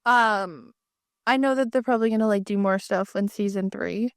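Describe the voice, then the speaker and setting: A young adult woman co-hosting a podcast in casual chat, talking in quick bursts with lots of fillers. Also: mid-range voice, clean tone, dry recording, clean studio sound. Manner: chatty, many fillers, quick asides. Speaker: podcast co-host.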